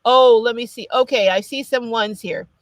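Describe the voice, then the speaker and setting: A woman hosting a laid-back livestream reads viewer comments at a normal speed in a voice on the high side, with no echo. She's chatty and apologetic, has a runny nose and restarts frequently.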